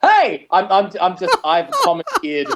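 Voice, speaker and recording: A man talking as a podcast guest with a very lively, bouncing pitch that swings from low chatter to high shouting. He laughs easily and talks with big, theatrical energy. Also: normal speed, noisy background. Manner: animated, laughs often, bursts into a high shouted promo voice. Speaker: podcast guest, metal singer. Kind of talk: casual chat. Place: in Japan, remote call.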